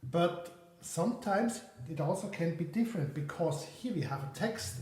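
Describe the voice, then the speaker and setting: A slightly high-voiced man explains piano practice in a reflective, soft-spoken way, thinking aloud as he goes. His voice rings in an echoey room, with a piano sounding in between. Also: expressive, normal speed. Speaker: piano teacher.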